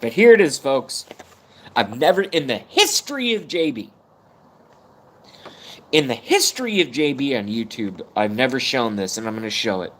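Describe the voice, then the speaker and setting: Hosting his own YouTube livestream, this man speaks in a medium-pitched, very animated and slightly bright voice at a moderate pace, with long pauses and slight background noise. He rambles bluntly and profanely, sometimes energetic and sometimes holding back tears.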